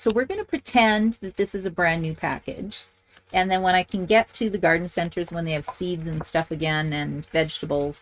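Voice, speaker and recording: Her voice is fairly low yet a bit bright: a middle-aged woman demonstrating card making in a casual crafting tutorial. She chats enthusiastically and thinks aloud as she works.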